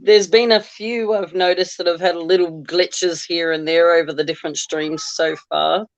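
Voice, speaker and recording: A woman's voice: fairly low pitch, steady tone, normal speed, no room sound. An Australian woman chatting as a guest over a video call, friendly and laughing easily. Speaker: guest on a live stream. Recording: dull lo-fi video call audio.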